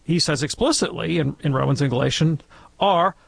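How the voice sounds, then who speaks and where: A man's voice: fairly high pitch, a little fast, creaky, slightly rough. A man answering listeners' questions as a theology expert on a call-in radio show, speaking emphatically and repeating phrases for stress.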